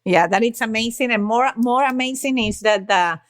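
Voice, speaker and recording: A woman's voice: a little high, moderate pace, dry recording, clean studio sound. A woman hosting a podcast, responding thoughtfully to her guest in casual conversation. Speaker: podcast host. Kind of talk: casual interview chat.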